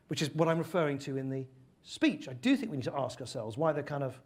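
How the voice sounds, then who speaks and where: Middle-aged British man, raspy tone, a touch higher pitch, earnest conversational answers. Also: fast talker. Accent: British English. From United Kingdom. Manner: earnest, animated storyteller. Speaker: guest speaker, former politician.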